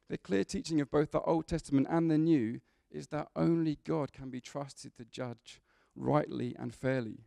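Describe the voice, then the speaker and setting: A man's voice: a little high, steady tone, normal speed, creaky, hardly any pauses, dark tone, dry recording, clean studio sound. A man preaching a sermon in a church, conversational, with humorous asides to the congregation.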